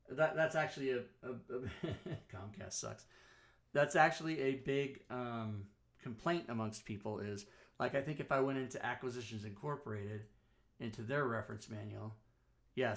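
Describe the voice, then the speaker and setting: A man hosting a live-streamed talk show, walking through software in a chatty, rambling way and often correcting himself. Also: mid-range voice.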